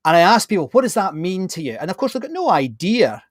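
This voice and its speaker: Blunt, animated man. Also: high voice, fast talker, no echo, clean studio sound. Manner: animated, blunt, many restarts. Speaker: podcast host. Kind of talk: casual conversation.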